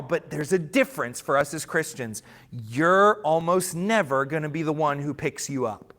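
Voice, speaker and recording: A man's voice: on the high side, a bit bright. Earnest male pastor preaching. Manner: earnest preaching, restarts words when stressing a point. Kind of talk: sermon. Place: church sanctuary.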